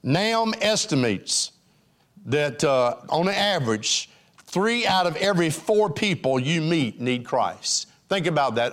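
A man's voice: fairly high pitch, big pitch swings, a little slow. A man preaching a sermon in a congregation, with an emphatic, rising and falling cadence and frequent fillers.

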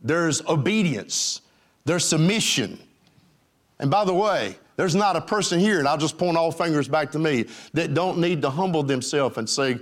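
A man's voice: fairly high pitch, animated, brisk. An older man preaching a folksy sermon, with emphatic lines and joking asides. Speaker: pastor.

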